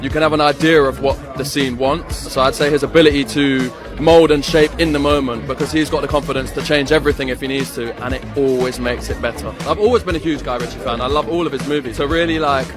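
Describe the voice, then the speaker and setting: Excited guy gushing in an interview, music playing clearly behind. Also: mid-range voice, fast talker, hardly any pauses. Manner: eager, fan-like. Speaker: actor interviewee. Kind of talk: enthusiastic interview answer.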